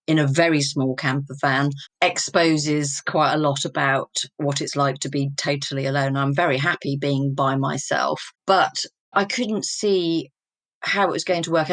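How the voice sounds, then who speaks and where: This guest is an English woman in her fifties telling personal stories frankly and thoughtfully during an interview. Her deep, steady voice is a bit bright and goes at a normal pace, with no room sound audible.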